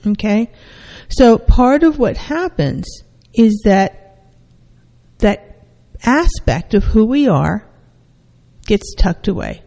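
Slow-speaking therapist, long hall reverb. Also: medium pitch, sing-song, vocal fry, dark tone. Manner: measured, with frequent fillers and restarts. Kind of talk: explanatory talk to an audience.

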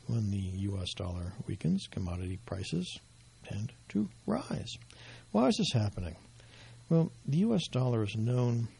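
Hoarse, husky male market commentator, measured and explanatory, low gravelly tone. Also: mellow. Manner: measured, explanatory, with dry asides. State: losing his voice.

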